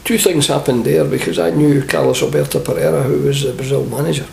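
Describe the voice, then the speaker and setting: An older Scottish man, a former football manager, telling lively anecdotes in an interview and acting out the voices of the people in them. The sound is an echoey room with faint hiss. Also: medium pitch, fast talker, gravelly. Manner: animated storyteller, acts out quoted voices.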